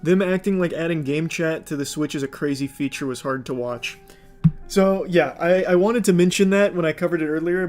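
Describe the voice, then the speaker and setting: A young adult man streaming, ranting casually with lots of swearing and frequent laughter. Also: a little high. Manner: animated, profane, laughing often. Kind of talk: casual livestream rant.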